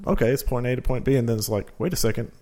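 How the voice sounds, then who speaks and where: A man co-hosting a casual TV podcast, rambling and animated as he retells scenes. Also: medium pitch, very fast. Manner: rambling, animated storytelling with acted-out quotes. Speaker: podcast co-host. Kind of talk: casual chat.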